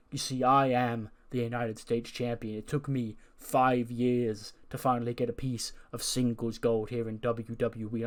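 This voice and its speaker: A man's voice: mid-range voice, natural voice. A man doing a boastful wrestling champion.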